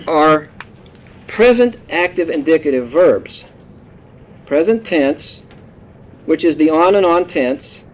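A man preaching a sermon, explaining words in a folksy, joking teaching manner. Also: a little high. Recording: dull lo-fi sound.

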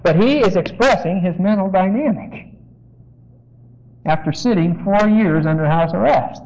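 A high-pitched man teaches verse by verse, slowly explaining each word and pausing so listeners can note phrases. The recording is dull and lo-fi, like an old tape of a sermon. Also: darkish tone. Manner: explanatory, dictates phrases for notes. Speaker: preacher. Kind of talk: expository Bible teaching.

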